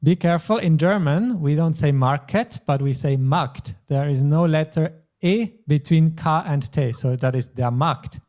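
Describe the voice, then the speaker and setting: Patient male German teacher, mellow voice. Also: fairly high pitch, normal speed, few pauses. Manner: patient, explains step by step. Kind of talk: language lesson.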